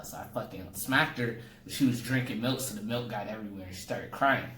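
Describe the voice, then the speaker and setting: A man's voice: fairly low pitch, brisk, hardly any pauses, bright, forceful tone. A young man, a comedian, telling a comic story in casual talk and acting out the people in it with sudden jumps in his voice. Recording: echoey room with faint ambient noise.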